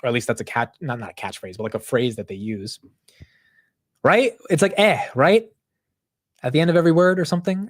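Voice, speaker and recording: This mid-range voice belongs to a young man hosting a livestream about stocks. His talk is loose and rambling, lively, and full of "dude" and "bro."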